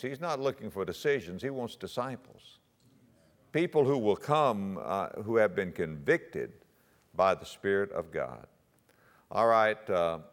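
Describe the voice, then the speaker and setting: Lively-voiced preacher in a reverberant hall. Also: male voice, medium pitch. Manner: earnest, exhorting, rises to emphatic peaks. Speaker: pastor. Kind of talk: teaching sermon.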